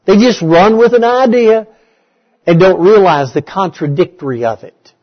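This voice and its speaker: A man's voice: high voice, normal speed, dull audio. A man preaching a conversational bible study, asking his listeners questions and repeating key words.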